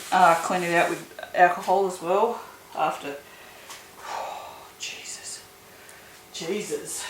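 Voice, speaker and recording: A woman making soap at home, chatting casually and groaning and swearing in disgust at a smell. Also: on the low side. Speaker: soap maker. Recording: echoey room with noise.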